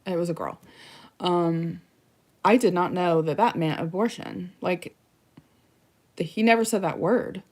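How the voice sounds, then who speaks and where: Soft-spoken woman in her forties, halting. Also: lowish voice. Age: 40s. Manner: halting and soft, often dropping to a near whisper. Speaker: vlogger. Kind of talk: personal storytelling.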